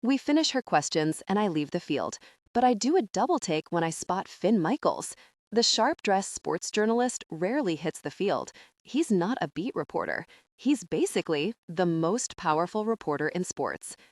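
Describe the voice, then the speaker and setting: Expressive woman narrating an audiobook. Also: lowish voice, moderate pace, no echo, clean studio sound. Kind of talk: first-person audiobook narration.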